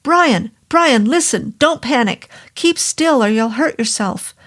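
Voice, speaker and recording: A woman's voice: high voice, lively intonation, moderate pace, pitched above the performer's own voice. A woman voicing a male doctor who barks urgent orders during an emergency.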